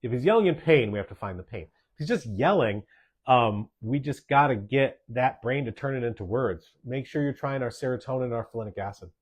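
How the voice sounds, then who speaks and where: A man's voice: medium pitch, lively intonation, brisk, husky. A man hosting a podcast as a doctor, answering listener questions in a casual, emphatic way, repeating key points and checking in with "okay?".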